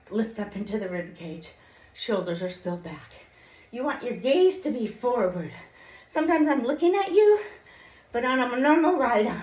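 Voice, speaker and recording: A woman fitness instructor coaching a workout while riding a stationary bike, a little out of breath, giving encouraging step-by-step cues. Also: medium pitch. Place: home exercise bike. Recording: echoey room.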